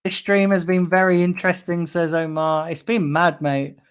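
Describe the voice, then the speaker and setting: This livestream host for a fan channel has a high, clean voice with a level tone and moderate pace. He reads chat aloud while ranting furiously, cursing heavily and repeating himself.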